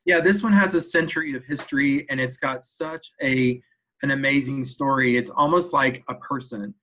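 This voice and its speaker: A man in casual interview chat, an animated storyteller who laughs often and mimics voices while recalling work days. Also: medium pitch, normal speed, rough recording. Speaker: hotel sales leader, podcast guest.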